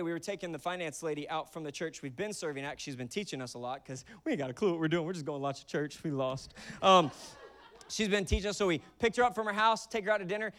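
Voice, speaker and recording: A young man preaching in a church, his voice pitched high for a man and resonant and clean. He moves from easy, joking storytelling to loud, emphatic peaks. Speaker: pastor. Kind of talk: sermon.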